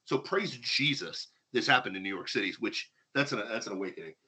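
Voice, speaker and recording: A man's voice: fairly low pitch, lively intonation, a little fast, sharp tone, slightly rough. A man hosting a talk show, ranting sarcastically and with heavy emphasis. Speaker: podcast host. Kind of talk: heated opinion talk.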